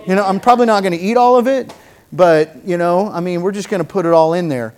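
Middle-aged male preacher, high voice, chatty jokes that build into fervent sermon. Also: fast talker, darkish tone. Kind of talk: sermon with object lesson.

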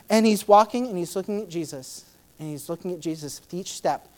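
Conversational woman preaching a lively sermon. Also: medium pitch, fast. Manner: dramatic, acting out Bible scenes in shifting voices; conversational, many "you know" fillers.

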